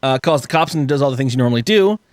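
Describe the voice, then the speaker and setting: A man hosting a podcast, telling a story in an animated, laughing way with casual swearing. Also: mid-range voice, very fast, no room sound, clean studio sound. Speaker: podcast host.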